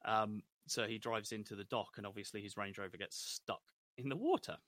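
A man co-hosting a casual podcast, animated as he recaps a TV episode and acts out lines. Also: lowish voice, a little fast, no room sound, clean studio sound. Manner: animated, acts out characters' lines when retelling. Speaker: podcast co-host.

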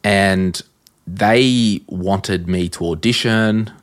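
An Australian man hosting a podcast, telling stories in a casual, animated way and acting out conversations. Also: fairly low pitch, extremely slow. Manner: animated storyteller, acts out quoted exchanges. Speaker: podcast host. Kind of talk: casual chat.

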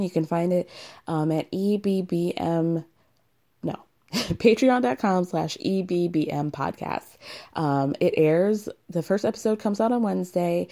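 A woman's voice: lowish voice, dark tone. A young woman hosting a podcast, recapping reality TV in a chatty, sassy way and laughing often. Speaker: podcast host.

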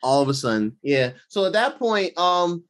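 Excitable man recapping a movie. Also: sits high, moderate pace. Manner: animated retelling, acts out scenes in voices. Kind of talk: casual movie recap chat.

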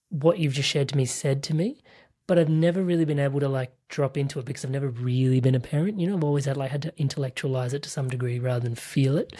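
A man hosting an interview as a purpose coach, talking in a rambling, animated way, often laughing. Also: a little high. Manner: animated, laughs often, acts out quoted voices; rambling with many fillers and restarts. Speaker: podcast host and purpose coach. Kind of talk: casual conversational interview.

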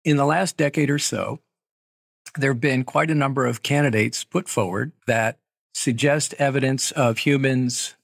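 A middle-aged man, an archaeologist, answering interview questions in a measured, explanatory way with hedging asides. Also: mid-range voice, gravelly, slightly rough, no echo, studio quality. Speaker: archaeologist guest.

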